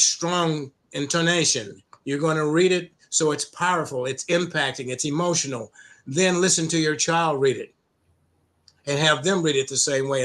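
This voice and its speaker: A middle-aged man from the United States, a program founder telling stories in an interview, with many restarts and an occasional cleared throat. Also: a little high, a bit bright. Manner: halting, many restarts and repeated words. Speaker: anti-bullying program founder, guest. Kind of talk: conversational interview storytelling.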